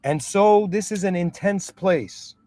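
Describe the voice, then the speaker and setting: A man's voice: high-pitched, slow, a little mellow, no room sound. Earnest man musing, dry close sound. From moved to Canada at seven. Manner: earnest, restarts often, asks "do you understand?". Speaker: podcast host. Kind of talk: reflective monologue.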